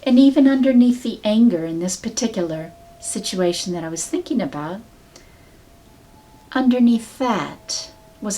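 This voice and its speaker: Slow, calm woman teaching. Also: fairly high pitch. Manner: calm, measured, soft-spoken. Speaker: sound healing teacher.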